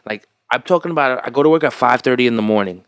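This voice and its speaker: A man hosting a podcast, telling stories in animated, profane casual chat. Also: medium pitch, fast talker, clean tone, no echo, clean studio sound. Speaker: podcast host.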